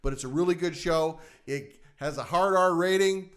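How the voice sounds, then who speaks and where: A man co-hosting a casual show-review chat, rambling and halting with many fillers and restarts. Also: on the high side, a bit bright. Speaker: podcast co-host.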